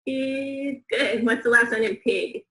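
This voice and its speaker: A woman teaching young students a phonics lesson, slow, clear and encouraging, with call-and-response counting. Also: fairly high pitch, bright, forceful tone, echoey room, low-quality recording.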